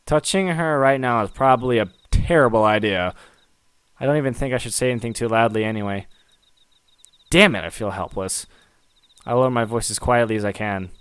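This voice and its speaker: A man's voice: mid-range voice, brisk, clean tone, no room sound. A man reading a visual novel aloud for his channel, narrating and reacting with dramatic asides. His voice sits in a middle range and sounds dry and close to the mic. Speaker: gaming content creator.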